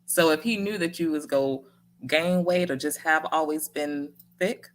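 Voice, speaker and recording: A woman's voice: deep voice, measured pace. A woman hosting a casual livestream, chatting with viewers and answering their comments in a folksy, encouraging way with frequent laughter. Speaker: livestream host.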